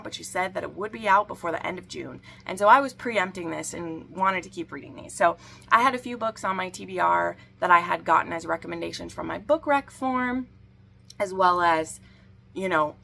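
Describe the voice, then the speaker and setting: A woman's voice: on the low side, creaky, bright, forceful tone, a little hiss or hum. A woman chatting casually as a book reviewer, rambling and frank, with lots of "like" fillers. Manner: rambling, frank, heavy use of "like".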